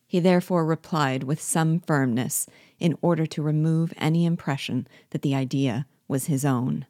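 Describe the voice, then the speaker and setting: Low-voiced woman reading a novel aloud. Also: no echo, clean studio sound. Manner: measured, steady narration. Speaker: book reader and guide.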